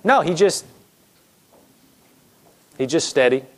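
A man's voice: fairly high pitch, lively intonation, slow. A man preaching a conversational sermon, asking lots of rhetorical questions and acting out people's thoughts.

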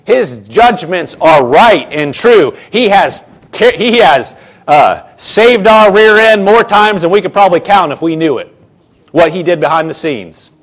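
A man preaching a sermon in an earnest, conversational way, acting out quoted thoughts. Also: sits high.

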